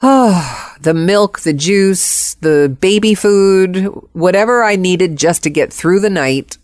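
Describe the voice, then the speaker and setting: A woman's voice: on the low side, slow pace, darkish tone, no echo, studio quality. A woman telling a personal story expressively, acting out the voices of the people in it.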